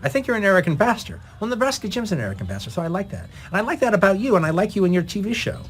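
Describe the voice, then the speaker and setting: A man's voice: high-pitched, sing-song, very fast, pitched above the performer's own voice. A man acting out a blunt middle-aged male film director in a retold story, frank and scolding. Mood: frank, challenging. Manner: frank, scolding then warming.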